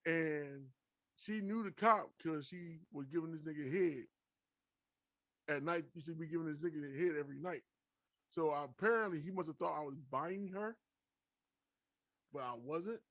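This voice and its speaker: Profane, animated young man telling stories. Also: on the high side, moderate pace, pauses often, no room sound. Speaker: podcast host. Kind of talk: casual storytelling.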